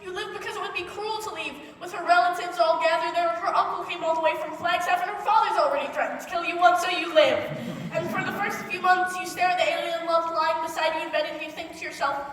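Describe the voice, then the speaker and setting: A woman's voice: very high-pitched, steady tone, quick pace, fairly bright tone, slight background noise. A woman playing a wry rambling man. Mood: confiding. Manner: confiding, rambling asides to the audience. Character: wry lonely male musical fan narrator. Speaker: narrator character. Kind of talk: stage musical performance. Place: theater stage. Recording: distant echoey stage recording.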